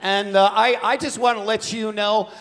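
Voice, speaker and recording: A man's voice: high voice, steady tone, moderate pace, fairly bright tone, poor audio. A man in his fifties from Brooklyn, a guest preacher telling his testimony to a congregation with humor and call-outs. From Brooklyn, New York. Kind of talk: sermon testimony. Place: church sanctuary.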